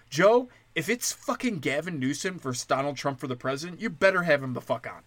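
A man's voice: on the high side, expressive, quick pace, few pauses, a bit bright, dry recording. A man ranting in a heated, profane, rambling way, full of "like" fillers. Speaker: commentator. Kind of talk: profane political rant.

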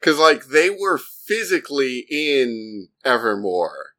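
A man's voice: mid-range voice, big pitch swings, slow, pushed and bright. A man co-hosting a podcast, listening and asking hesitant, casual questions. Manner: laid-back listener, short acknowledgements, hesitant questions. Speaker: podcast co-host. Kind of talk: casual chat.

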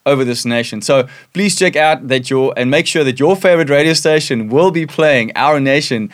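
A man's voice: medium pitch, normal speed. Upbeat South African man hosting. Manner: upbeat, friendly. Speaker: host of an online church broadcast. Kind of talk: livestream hosting.

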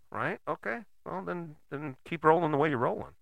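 A man's voice: a little high, expressive, normal speed, gravelly, no echo. An older man giving a casual motivational talk, folksy and blunt, often checking in with "right?".

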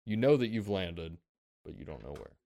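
Low-voiced male game master, relaxed and loose with swearing, dry close mic. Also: moderate pace, gravelly, no echo. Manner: laid-back, laughs often, casual swearing. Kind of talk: narrating a tabletop game.

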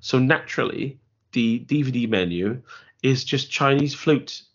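A man's voice: medium pitch, measured pace. A man co-hosting a casual film podcast, rambling with many restarts and dry jokes. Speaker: podcast co-host. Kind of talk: casual film review chat. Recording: dull lo-fi audio.

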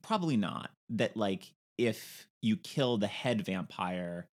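Animated man riffing on films. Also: lowish voice, takes it slowly. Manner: animated, campy, sarcastic storytelling. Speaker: podcast co-host. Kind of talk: casual film discussion.

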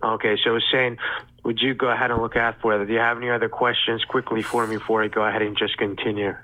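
A man's voice: on the low side, level tone, quick pace, highs cut off. A man working as a phone scammer, reading polite customer-service stock phrases on a call.

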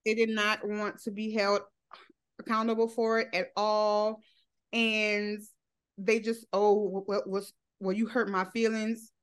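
With a clear, resonant mid-range voice that barely moves in pitch, this woman speaks at a measured pace. A social media creator guesting on a casual interview, she shares her life story candidly and talkatively, laughing a lot, her phrasing loose and run-on.

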